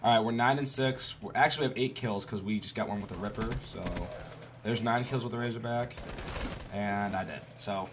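A man giving profane, trash-talking commentary over a shooter game, with sudden loud outbursts. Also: fairly low pitch, fairly quick, background noise. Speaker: gaming YouTuber. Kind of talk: gameplay commentary.

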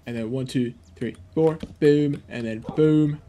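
A young man giving casual, slangy let's-play commentary, getting excitable and yelling at the game. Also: on the high side, measured pace, a little hiss or hum. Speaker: gaming YouTuber.

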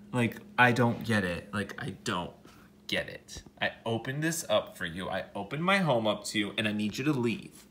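Animated, exasperated young man vlogging. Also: on the low side, a little slow, a little hiss or hum. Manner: dramatic, exasperated, slangy, drops to whispers and bursts into loud outcries. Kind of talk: casual talking to a wasp.

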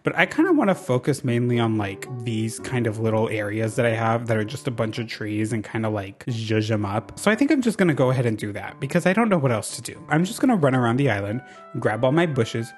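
A man hosting his channel with casual gameplay commentary, sassy and gossipy, swearing freely and swinging from loud bursts to low mutters. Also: lively intonation, brisk, soft background music. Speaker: channel host.

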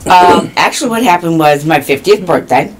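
A woman in her fifties from Iowa, guest on a community TV talk show, telling her story in a lively way with acted-out quotes. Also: fairly low pitch, moderate pace. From Iowa, US Midwest. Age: 50s. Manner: animated, acts out quoted dialogue. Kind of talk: casual interview storytelling.

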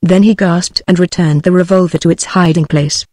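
A text-to-speech woman's voice with a British English accent, reading a story in even, machine-smooth narration. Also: on the low side, normal speed, no echo, studio quality. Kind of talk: synthetic audiobook narration.

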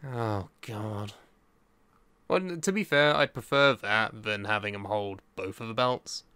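A man's voice: fairly low pitch, a little slow, pushed and bright, clean tone, no room sound. A man co-hosting a podcast, swearing and joking bluntly in casual banter. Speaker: podcast co-host.

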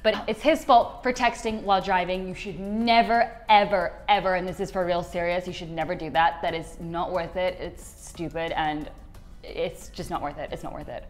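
A woman's voice: fairly low pitch, steady tone, normal speed, soft background music. Rambling, self-mocking young woman vlogger. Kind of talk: casual vlog chat.

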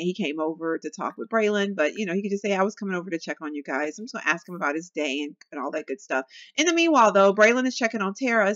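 A young woman talks her viewers through a life-sim game in a loose, chatty way, with a lively voice that leaps up when something delights her. The sound is close and dry, with slightly dull, muffled highs. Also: no echo. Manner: chatty, animated, talks to viewers as y'all, laughs often. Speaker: gameplay commentator. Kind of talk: casual let's-play commentary.

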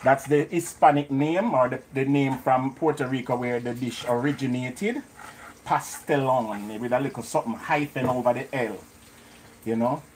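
Cooking live from his home kitchen, a Jamaican-accented host chats with viewers and greets them by name. His medium-pitched voice is darkish and fairly even, moving at a moderate pace with hardly any pauses, and a little hiss or hum sits in the recording.

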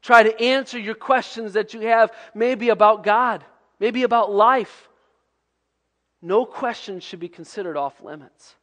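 High-voiced man preaching in a hall. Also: unhurried. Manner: conversational preaching, drops to hushed tones. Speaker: pastor. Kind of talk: sermon.

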